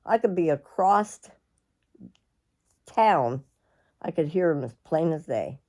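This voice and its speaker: A middle-aged woman, telling a personal story in a rambling, halting way, often clearing her throat. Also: sits low, animated, darkish tone. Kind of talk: casual storytelling.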